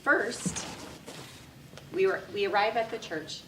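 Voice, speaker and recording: A woman giving a speech, telling a personal story in a lively way and laughing often. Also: fairly low pitch, moderate pace, a little hiss or hum. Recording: echoey room, mic from a distance.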